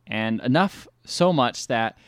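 A man's voice: mid-range voice, lively intonation, slow pace, smooth, no room sound, studio quality. A man co-hosting a podcast, recapping a film in casual chat, acting out the characters and swearing now and then. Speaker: podcast co-host.

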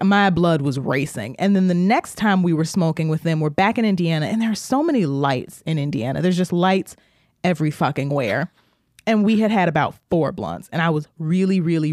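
A woman's voice: on the low side, darkish tone, no echo, studio quality. A woman podcast co-host telling a story in casual chat, laughing often and acting out the voices she quotes.

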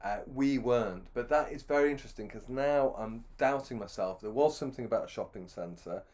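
A man's voice: mid-range voice, fairly quick, a little mellow. Rambling storyteller man. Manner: rambling, self-deprecating, full of restarts. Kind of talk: anecdotal storytelling.

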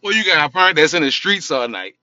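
A man in his thirties in casual podcast chat, telling stories with lively acted-out quotes. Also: quick pace, no echo, muffled recording. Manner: animated storyteller, acts out quotes in a high voice. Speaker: podcast co-host.

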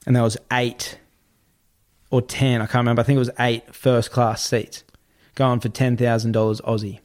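A man telling a story in casual talk, animated and swearing, acting out what other people said. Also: medium pitch, normal speed.

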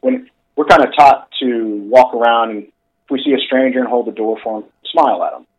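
A man's voice: mid-range voice, brisk, muffled recording. A man co-hosting a casual chat show, talking in a rambling way with lots of fillers. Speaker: podcast co-host.

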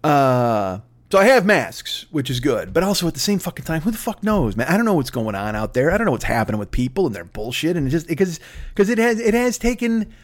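A man hosting a comedy podcast, ranting in a profane, rambling, excitable way with lots of restarts. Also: a little high, fast. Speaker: podcast host. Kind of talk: comedic rant.

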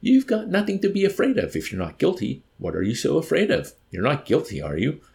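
A man's voice: mid-range voice, wildly swooping pitch, brisk, vocal fry, darkish tone, pitched above the performer's own voice. A man voicing a sanctimonious army major who accuses with false sorrow. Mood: coaxing. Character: sanctimonious, menacing army major, male, adult.

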